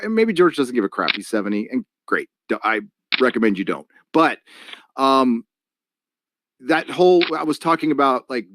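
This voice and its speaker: A man's voice: medium pitch, no room sound, clean studio sound. A man hosting a live stream, reading donations and ranting in a casual way with many fillers and restarts.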